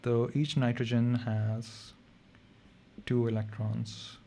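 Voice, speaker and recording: A man's voice: medium pitch, flat delivery, slow, dark tone, slight background noise. A man teaching a late-night online chemistry revision class. He talks casually and keeps checking in with his students. He sounds tired. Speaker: chemistry tutor.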